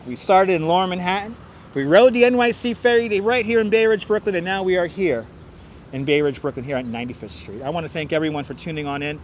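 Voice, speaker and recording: Fast-talking, with a voice that sits high, a man hosts a live walking stream outdoors on a city street. There's slight background noise on his wireless clip-on mic as he rambles casually and often repeats himself.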